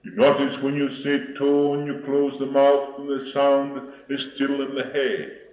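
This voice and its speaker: A man giving a voice and speech lesson, speaking slowly and deliberately and demonstrating vocal sounds. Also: mid-range voice, completely flat delivery, darkish tone. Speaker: voice and speech teacher. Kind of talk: instructional voice lesson. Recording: dull lo-fi old recording in an echoey room.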